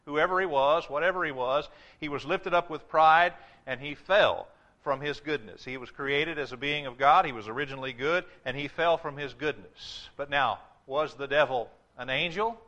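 Male pastor, higher bright voice, emphatic sermon delivery that dips low for warnings. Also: lo-fi sound. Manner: emphatic preaching, drops low and slow for warnings.

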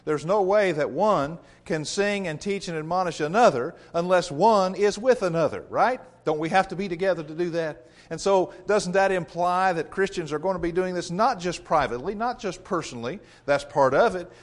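A man preaching a sermon in an earnest, measured way, repeating phrases for emphasis. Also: high voice, animated.

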